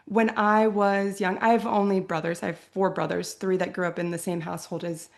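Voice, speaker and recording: A woman's voice: medium pitch, level tone, fairly quick. A young adult woman from Virginia, talking reflectively as an interview guest, often ending points with a questioning "right?". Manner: earnest, often ends with "right?".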